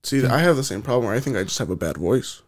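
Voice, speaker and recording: A man's voice: medium pitch, expressive, fast talker. A man co-hosting a casual football podcast, talking in loose rambling bursts full of filler words. He jokes around with his co-host, and his voice sits in an ordinary middle range. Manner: rambling, many "like" fillers, joking. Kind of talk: casual banter.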